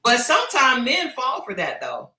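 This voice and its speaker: A woman's voice: high-pitched, moderate pace, roomy sound. A woman co-hosting a livestreamed chat show, giving blunt, gossipy commentary on a reality dating series. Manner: blunt, gossipy, animated retelling. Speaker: podcast co-host. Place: home studio for a livestream.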